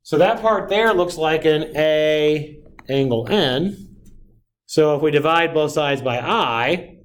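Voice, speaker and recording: A man's voice: fairly high pitch, slow. A man teaching a math class, talking students through each step and checking in with frequent tag questions. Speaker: math lecturer. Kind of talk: classroom lecture.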